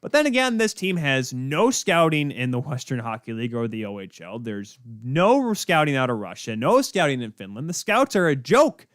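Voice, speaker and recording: A young man hosting a live sports talk show, ranting in an exasperated, rapid-fire way. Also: mid-range voice, big pitch swings, a bit bright, dry recording, studio quality. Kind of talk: live sports opinion rant.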